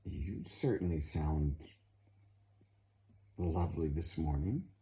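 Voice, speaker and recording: A man's voice: extremely low pitch, animated, slow, mellow, full character voice. A man voicing a bewildered older nobleman questioning his daughter. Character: baffled older nobleman, a worried father.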